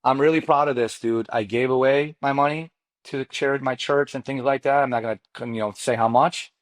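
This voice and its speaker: A man in his forties, a mortgage coach, tells his rise as a podcast guest. His talk is animated and slangy, full of "dude" and "man." His mid-pitched voice sounds close and dry. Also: fairly quick, dry recording. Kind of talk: casual storytelling interview.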